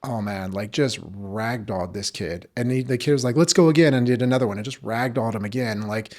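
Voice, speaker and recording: A man's voice: fairly low pitch, steady tone, brisk, a little mellow. A man, a jiu-jitsu coach and podcast guest, telling stories in a loose, rambling way with lots of fillers and casual swearing. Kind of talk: casual storytelling chat.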